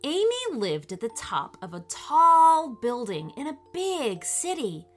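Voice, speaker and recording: A woman reads a children's story aloud with a gentle, expressive delivery. Her pitch rises and falls a lot. Faint music plays behind her. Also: slow pace. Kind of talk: storybook narration.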